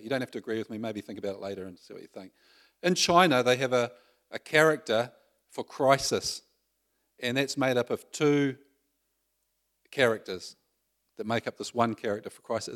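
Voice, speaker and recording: A man's voice: medium pitch, a bit bright. Male preacher, conversational sermon, asks the room questions, mid-range voice.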